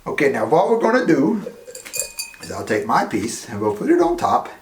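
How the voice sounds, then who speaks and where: A man hosting a playful children's science demonstration, teasing his assistant with big swings of pitch. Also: big pitch swings, moderate pace, a little hiss or hum. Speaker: children's science show host. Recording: echoey room.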